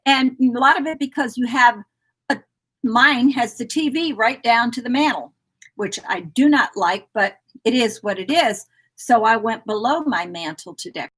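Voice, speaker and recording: Woman co-host, husky, losing her voice, chatty and encouraging. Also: fairly high pitch, animated, normal speed, a bit bright. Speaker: co-host of a store's live decorating chat. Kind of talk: casual chat.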